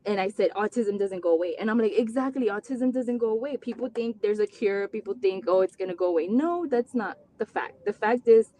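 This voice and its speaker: A woman's voice: mid-range voice, fairly quick, hardly any pauses, mellow. A woman telling a personal story as a guest mother, chatty and earnest, acting out quoted dialogue with many fillers and restarts. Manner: earnest, close to tears at times. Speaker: autism mom guest. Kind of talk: personal story, casual talk.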